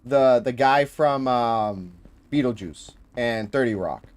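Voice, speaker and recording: A man with a Boston accent hosting a gaming livestream, chatting in an animated, joking way. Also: mid-range voice, slow. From Boston area. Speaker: livestream host. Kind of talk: casual chat.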